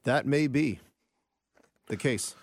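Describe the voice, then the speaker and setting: Deadpan male radio co-host. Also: mid-range voice, takes it slowly, no echo, studio quality. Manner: deadpan, matter-of-fact. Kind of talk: casual radio banter. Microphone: studio microphone.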